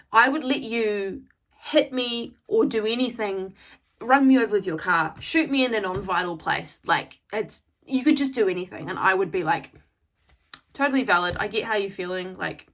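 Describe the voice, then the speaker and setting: A woman's voice: mid-range voice, a bit bright. A woman talking casually in a vlog, recapping a wrestling episode in a chatty, gushing way and often repeating her words. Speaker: wrestling show reviewer.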